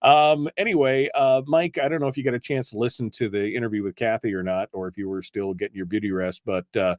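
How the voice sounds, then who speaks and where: A man's voice: lowish voice, fairly even intonation, fast, no room sound, clean studio sound. A man hosting a casual political talk radio show, chatty and joking, with many fillers and restarts. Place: radio studio.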